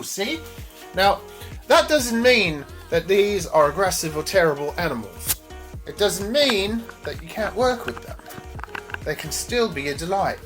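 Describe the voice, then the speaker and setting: A woman's voice: on the low side, big pitch swings, a little slow, faint music behind, low-quality recording. A woman talking casually to camera in a playful, chatty way, sweet-talking her animals while vlogging in a snake room at home. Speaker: reptile keeper vlogger. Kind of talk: casual vlog talk to camera.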